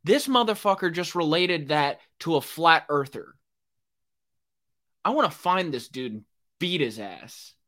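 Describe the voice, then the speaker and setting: Young male podcast host, slightly high voice with lots of swing, excitable ranter who swears freely. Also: unhurried. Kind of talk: solo rambling podcast monologue.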